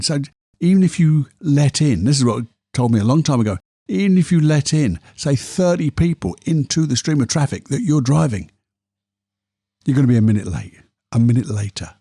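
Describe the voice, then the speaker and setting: A man's voice: medium pitch, dark tone, breathy edge, dry recording, clean studio sound. A man hosting a solo podcast, telling candid, self-deprecating stories. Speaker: podcast host.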